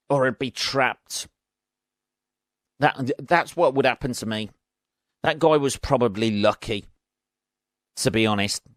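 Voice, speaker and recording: A man's voice: mid-range voice, no echo, studio quality. An English man hosting his own podcast, rambling and swearing freely, joking darkly and acting out both sides of imagined conversations. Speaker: podcast host. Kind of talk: casual solo monologue.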